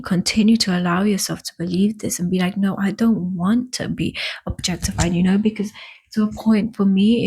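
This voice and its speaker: Breathy woman giving earnest self-help talk. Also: mid-range voice, a little mellow. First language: not English. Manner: earnest, affectionate, addresses viewers as "my love" and "baby"; halting, with restarts and drawn-out emphatic words. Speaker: vlogger. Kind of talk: casual spiritual self-help talk to camera.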